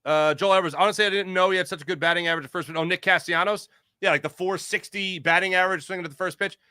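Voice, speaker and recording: A man's voice: high-pitched, rapid-fire, smooth, no echo, clean studio sound. A man hosting a casual sports podcast livestream and reading out the chat with jokey, rambling energy. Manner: animated, jokey, rambling with restarts.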